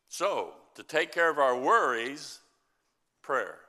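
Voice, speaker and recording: With a medium-pitched, animated voice, a middle-aged pastor preaches and reads scripture in a slow, emphatic style that often softens.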